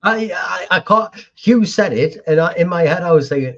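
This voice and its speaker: A man hosting a podcast, telling lively, slangy anecdotes about his pest control jobs. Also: high voice, moderate pace, creaky, lo-fi sound. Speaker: podcast host, pest control business owner. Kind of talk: casual storytelling chat.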